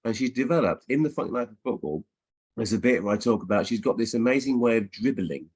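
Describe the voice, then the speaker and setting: A middle-aged children's author chats casually with schools over a video call from his home office, answering questions and reading aloud. His medium-pitched voice is animated, fast, darkish, and husky, and he's playful, with many ums and restarts.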